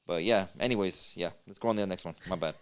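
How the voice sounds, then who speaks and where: Low, smooth-voiced LA man. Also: quick pace. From East Los Angeles. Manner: rambling, many fillers and restarts, slang. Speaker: podcast host. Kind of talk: casual storytelling chat.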